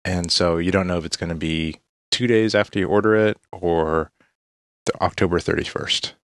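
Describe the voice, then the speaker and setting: A man with a very low voice explains gadgets in an easygoing, matter-of-fact way while co-hosting a casual tech chat. He is recorded close and dry, with no room echo. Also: moderate pace, a bit bright. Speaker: tech reviewer co-host.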